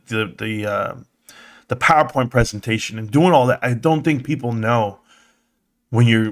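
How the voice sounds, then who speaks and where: Casual excitable man hosting a live stream. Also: medium pitch. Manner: excitable, swears casually, acts out quoted voices.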